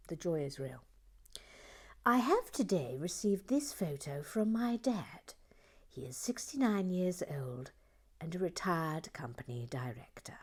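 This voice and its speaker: A woman hosting a brick-building livestream in whispered chat. She shifts from soft whispers to playful, excited asides. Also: sits low, breathy edge.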